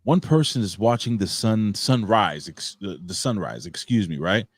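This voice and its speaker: A man's voice: lowish voice, lively intonation, normal speed, breathy edge. A man, co-hosting a casual podcast and telling a rambling, profane story. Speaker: co-host.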